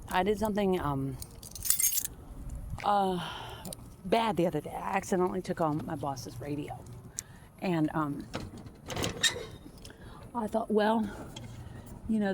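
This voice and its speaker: A woman vlogging as she walks home outdoors, talking frankly in a rambling way with many pauses and fillers, recorded on a phone. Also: sits low, background noise. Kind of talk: casual rambling chat while walking.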